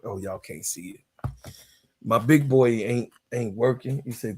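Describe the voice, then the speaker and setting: A man in his fifties ranting in a casual sports vlog, animated and heated, laughing and swearing freely. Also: medium pitch, unhurried, husky. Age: 50s. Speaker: sports vlogger.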